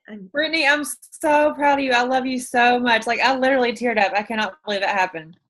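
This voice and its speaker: A woman's voice: on the high side, steady tone, a little fast, hardly any pauses, a bit bright. A woman leading a group call, giving an emotional, earnest motivational pep talk to her team. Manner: emotional, earnest, repeating points for emphasis. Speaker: team leader hosting a call.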